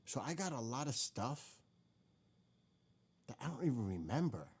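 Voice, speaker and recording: A man's voice: mid-range voice, very animated, moderate pace, slight background noise. A man hosting a live stream, chatting casually and candidly as he reacts to old clips. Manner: rambling, candid, swears now and then.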